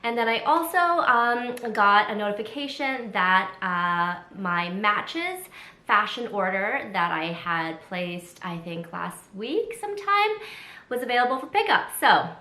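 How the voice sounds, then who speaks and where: A woman vlogger with a head cold, congested and a little raspy, chatting excitedly through an unboxing. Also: mid-range voice, measured pace. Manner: chatty and excited, many fillers. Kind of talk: casual unboxing chat. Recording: echoey room.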